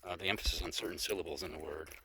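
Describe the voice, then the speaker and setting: A man's voice: deep voice, rapid-fire, bright, forceful tone. A young man rambling casually as he hikes down a mountain trail, talking to the camera with many fillers and restarts. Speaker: travel vlogger. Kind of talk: casual vlog narration while hiking. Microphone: handheld camera. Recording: noisy outdoor camera audio.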